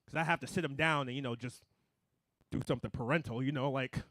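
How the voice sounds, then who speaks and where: A young man doing a stand-up comedy set, animated, swinging between mumbled asides and loud punchlines. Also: medium pitch, fast, dry recording, clean studio sound.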